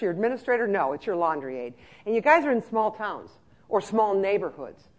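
A trainer giving a lively, joking talk to care-home staff, acting out scenes as they speak. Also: mid-range voice.

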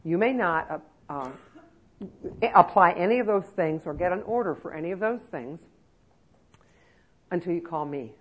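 A woman speaker voicing a meek, mild-mannered male administrator laying down rules quietly but firmly. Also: fairly low pitch, animated, moderate pace, pauses often, pitched below the performer's own voice.

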